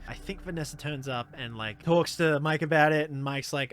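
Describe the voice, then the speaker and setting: A man's voice: a little high, moderate pace, hardly any pauses, a bit bright. A man casually recapping a movie plot in a rambling way, full of fillers and with frequent laughs. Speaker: YouTuber reviewing a movie.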